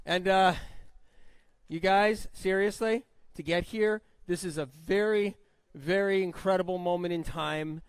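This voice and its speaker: A man's voice: high-pitched, normal speed, clear, resonant tone, dry recording. A man hosting a live event, giving an emotional welcome speech to the audience, repeating himself and laughing often. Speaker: event host.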